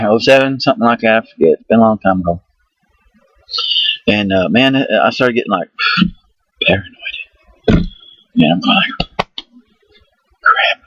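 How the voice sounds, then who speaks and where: A man's voice: mid-range voice, dry recording, low-quality recording. Rambling, swearing man telling a story. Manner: rambling, excitable, swears often, laughs at himself. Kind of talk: casual profane storytelling.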